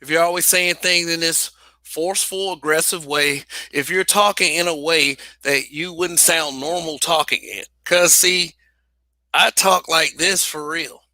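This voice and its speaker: A man's voice: fairly high pitch, fairly even intonation, measured pace, sharp tone, dry recording. A man hosting a livestream, talking casually and bluntly, swearing, restarting sentences and repeating phrases for emphasis. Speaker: livestream host.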